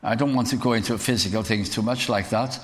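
A man's voice: fairly low pitch, steady tone, fast talker. A man preaching a sermon in an earnest way that rises to emphatic declamation. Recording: long hall reverb.

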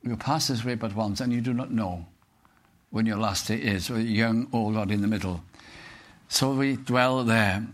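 Older British male preacher; earnest, slow sermon delivery with hymn recitation. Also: lowish voice.

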